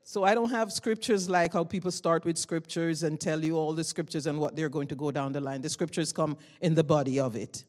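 A woman preaching a sermon in a loud, fervent way, telling stories in a conversational tone that climbs into emotional bursts. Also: low voice, fairly quick, few pauses.

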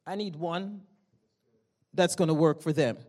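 A woman preaching a sermon in a loud, fervent way, telling stories in a conversational tone that climbs into emotional bursts. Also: low-pitched, unhurried.

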